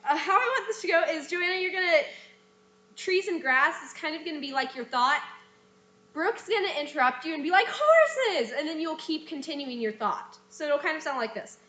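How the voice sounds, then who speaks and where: A woman's voice: high voice, brisk, bright, forceful tone, roomy sound. A young woman teacher walking her students through a scene script, acting out lines in playful voices. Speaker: dance and theater teacher.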